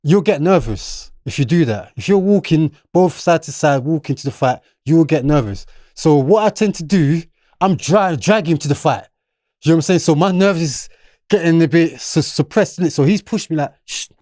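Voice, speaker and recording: A man's voice: fairly high pitch, moderate pace, dry recording, studio quality. South London man telling a story. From London, England. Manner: animated, street slang, acts out quotes. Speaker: podcast guest. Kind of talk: casual storytelling.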